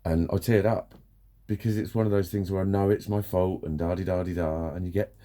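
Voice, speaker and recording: A man's voice: deep voice, fairly even intonation, a little fast, warm tone. A man venting in a ranting personal vlog, swearing often and sounding exasperated. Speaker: vlogger.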